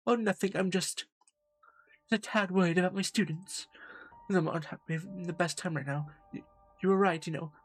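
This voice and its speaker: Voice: mid-range voice, lightly acted. A streamer doing a posh, worried woman professor. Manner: attempted posh accent. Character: weary female professor, posh and kind. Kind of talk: voicing a game character.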